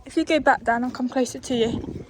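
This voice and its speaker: Young woman vlogging outside with her horse, high voice, noisy phone audio. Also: brisk. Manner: chatty, self-mocking. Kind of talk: casual chat to camera. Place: outdoors at a show ground, walking a horse.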